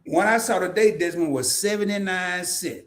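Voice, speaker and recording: A man with a Southern US accent hosting a casual interview, telling animated stories and laughing often. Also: high-pitched, normal speed. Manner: animated storyteller, laughs often, mimics sayings. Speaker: podcast host.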